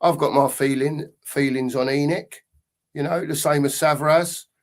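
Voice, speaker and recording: A man's voice: a little high, fairly even intonation, normal speed. A man in a casual football fan chat, rambling and thinking aloud with fillers.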